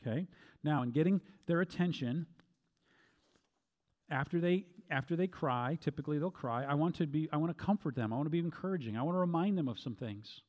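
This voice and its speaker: Deliberate man teaching in a reverberant hall. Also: fairly high pitch, animated, a little mellow. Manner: deliberate, repeats key phrases for emphasis. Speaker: Bible teacher. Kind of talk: instructional Bible teaching.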